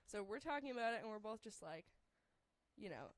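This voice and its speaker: Animated young woman telling a story. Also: mid-range voice, fairly quick, no room sound. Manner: rambling, heavy use of "like", laughs through the story. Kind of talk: casual storytelling.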